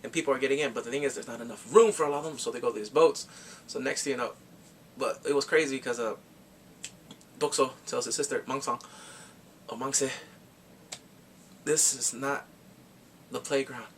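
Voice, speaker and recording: A man's voice: medium pitch, quick pace, a little hiss or hum. A man casually retelling a movie's plot for his review, chatty and rambling with lots of filler restarts. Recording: voice slightly distant from the mic.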